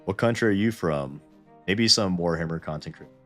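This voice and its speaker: A man's voice: deep voice, a little fast, faint music behind. A Canadian man with a Canadian accent, streaming and chatting casually over a game, laughing often and swearing when startled. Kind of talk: casual gameplay commentary.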